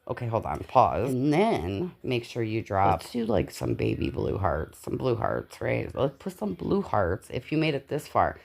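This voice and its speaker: A woman's voice: extremely low pitch, moderate pace, vocal fry, few pauses. A young adult woman recording a casual voiceover at home, talking candidly with lots of swearing and stopping now and then to catch her breath. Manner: candid, profane, rambling and animated. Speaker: vlogger. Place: dark living room at home. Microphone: home voiceover mic.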